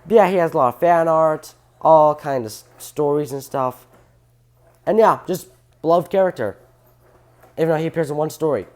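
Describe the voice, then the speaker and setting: Casual fan commentary, enthusiastic host, rambling, self-correcting, mid-pitched voice. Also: normal speed, a little mellow. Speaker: train fan channel host.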